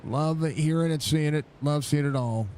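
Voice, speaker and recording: A man doing casual live commentary on a sim race while chatting with viewers, with excited outbursts at crashes. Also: fairly high pitch, normal speed, a little hiss or hum. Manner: chatty, greets viewers by name between race calls. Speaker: sim racing league commentator and streamer.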